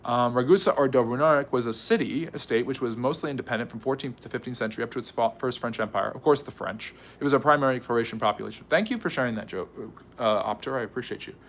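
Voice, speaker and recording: Fast-talking American man reading chat. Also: medium pitch, a bit bright, slight background noise. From United States. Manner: quick, chatty, teasing, with many fillers and restarts. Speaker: history channel livestream host. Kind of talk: live stream reading and answering chat comments.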